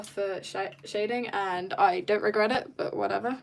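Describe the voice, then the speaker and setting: A woman's voice: medium pitch, steady tone, takes it slowly, creaky, slight background noise. A woman chatting casually and rambling in jokes while she draws on stream. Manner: rambling and jokey, drifts into soft mutters. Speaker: artist streamer. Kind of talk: casual chat while drawing.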